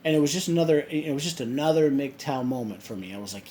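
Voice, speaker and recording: Halting man telling a story. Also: medium pitch, expressive, a little mellow, a little hiss or hum. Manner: halting, many restarts and fillers. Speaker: vlogger. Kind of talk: casual storytelling.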